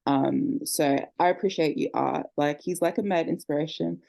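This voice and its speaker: Low, mellow-voiced woman on a group call. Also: moderate pace, gravelly. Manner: earnest, many fillers like um and like. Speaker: group member. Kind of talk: casual group video call.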